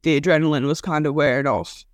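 A woman giving a raw, halting personal account, often restarting and repeating herself. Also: low voice, steady tone. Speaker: interviewee telling her story. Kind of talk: personal testimony.

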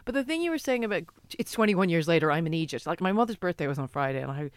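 A woman's voice: lowish voice, lively intonation, rapid-fire, few pauses, smooth, dry recording. A woman in casual conversation who speaks reflectively and hesitantly, with restarts, and sounds sad. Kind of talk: casual chat.

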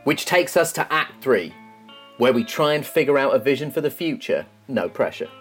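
A man's voice: medium pitch, big pitch swings, normal speed, fairly bright tone. Male podcast host, wry and self-deprecating, faint guitar music behind. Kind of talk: scripted narration and interview.

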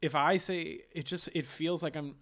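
A man's voice: fairly high pitch, steady tone, moderate pace, fairly bright tone. A man in casual podcast chat, laid-back and wry, swearing now and then.

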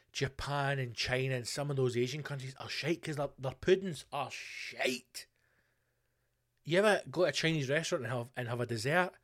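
A Scottish man hosting a solo podcast, ranting casually with plenty of swearing. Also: mid-range voice. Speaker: podcast host.

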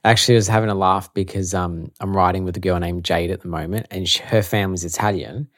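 A man co-hosting a podcast, asking questions in a relaxed, casual way. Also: low-pitched, fast talker, no room sound, clean studio sound. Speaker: podcast co-host.

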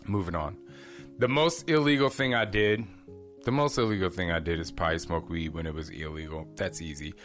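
Chatty man with a low voice. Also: fairly quick, fairly bright tone, soft background music. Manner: candid, chatty, rambling with asides. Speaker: fitness host answering viewer questions. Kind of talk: casual Q&A vlog.

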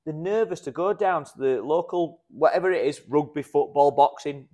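A man's voice: fairly high pitch, darkish tone. A man co-hosting a casual podcast chat, telling anecdotes and giving friendly advice. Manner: fast-talking storyteller, gives friendly advice. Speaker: podcast co-host.

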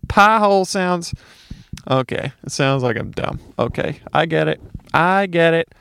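Gravelly ranting man with a light Southern twang. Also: a little high, expressive, unhurried, a bit bright, dry recording. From Mississippi. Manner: ranting, profane, sarcastic asides. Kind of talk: casual solo monologue.

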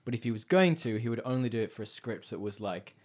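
Man, podcast co-host, quick speaker, bantering. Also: fairly low pitch, lively intonation, darkish tone. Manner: quick, bantering, laughs often. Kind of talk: casual podcast chat.

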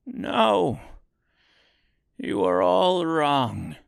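A timid little old humbug wizard pleads in a trembling, meek voice, put on by a male narrator. The voice is raised and slow. The recording is dry and close. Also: a little high, very animated, gravelly, dry recording, voice pushed up, exaggerated voice.

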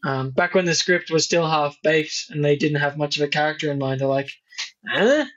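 A man's voice: fairly high pitch, flat delivery, fairly quick, fairly bright tone. A man co-hosting a movie podcast in casual chat, thoughtful and rambling, often restarting his sentences. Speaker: podcast co-host. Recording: dull lo-fi mic.

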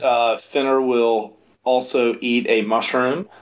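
A man playing a tabletop game, describing his turn in a measured way with pauses. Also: medium pitch, fairly even intonation. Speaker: player. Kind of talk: casual tabletop play. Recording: dull lo-fi sound.

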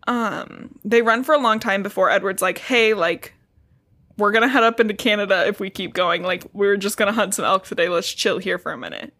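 A woman recapping a book on a podcast, sarcastic and profane, quickly acting out characters' lines. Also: medium pitch, fairly bright tone. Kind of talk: casual podcast chat, retelling a book with sarcastic asides.

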